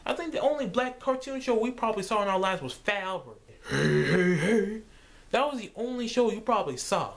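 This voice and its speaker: Young male vlogger, high and very lively voice, casual animated rambling. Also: fast, hardly any pauses. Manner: animated, jumps into silly voices and laughs.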